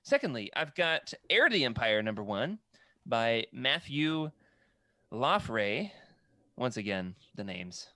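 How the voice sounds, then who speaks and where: A man's voice: medium pitch, sing-song, slow pace, bright, forceful tone, dry recording. A man co-hosting a casual chat, rambling and correcting himself as he stumbles over names. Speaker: podcast co-host. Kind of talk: casual chat about comic art books.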